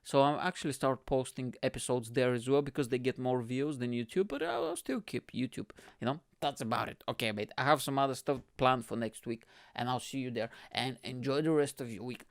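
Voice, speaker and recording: A young man hosting a solo podcast, mid-pitched and conversational, who swings up into exasperated rhetorical questions and swears freely. The sound is dry and close, with no room around it. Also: animated, brisk, hardly any pauses, no room sound. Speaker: podcast host and stand-up comedian. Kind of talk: casual solo podcast monologue.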